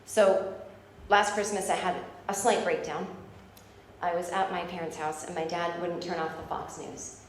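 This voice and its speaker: A woman stand-up comedian doing animated, profane storytelling in a live club. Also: lowish voice, moderate pace. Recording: echoey club room, faint noise.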